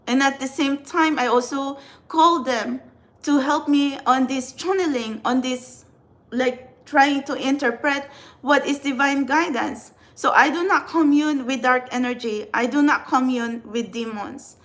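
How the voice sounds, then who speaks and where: A woman's voice: high-pitched, a little slow, fairly bright tone. A woman from the Philippines with a Filipino accent, talking casually to camera as a tarot reader and spiritual channeler. She rambles earnestly and often restarts her sentences.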